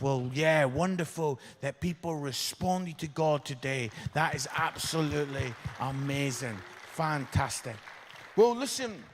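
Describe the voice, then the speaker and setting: A man telling a lively comic story to a church crowd, shouting out the big moments. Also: medium pitch. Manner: lively, animated storyteller who shouts punchlines. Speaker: guest comedian speaker. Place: large church hall. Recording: echoey hall reverb.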